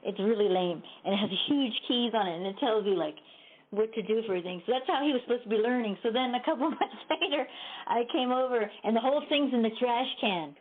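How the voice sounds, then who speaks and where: A woman's voice: on the high side, a little fast. Laughing chatty woman on a tinny line. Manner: chatty storyteller, laughs often, swears casually. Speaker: host. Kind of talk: casual chat on a live internet radio show.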